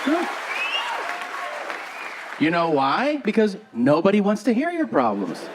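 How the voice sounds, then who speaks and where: Deadpan stand-up comedian, crowd laughing. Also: male voice, sits high, a little slow. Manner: deadpan storytelling, acting out both sides of dialogue. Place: theater stage before a live audience. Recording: live show with crowd noise. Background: audience laughter.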